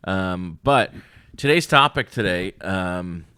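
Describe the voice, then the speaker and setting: A man's voice: low voice, takes it slowly, slight background noise. A man hosting a podcast, chatting casually and rambling through stories between guests. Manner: rambling, animated storytelling with voices. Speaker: podcast host. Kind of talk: casual chat.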